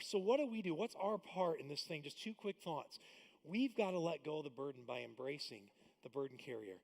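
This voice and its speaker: A man preaching a sermon as pastor, conversational with fillers and jokes, swinging between loud emphatic lines and hushed intimate asides. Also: a little high, expressive, a little fast, gravelly. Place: large church auditorium. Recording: long reverb of a large church hall.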